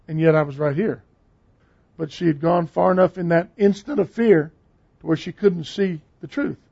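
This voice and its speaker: A man's voice: on the high side, gravelly, a little mellow, breathy edge. An older man preaching a sermon with emphatic, repeated phrases. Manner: emphatic, repeating key words. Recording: dull lo-fi sound.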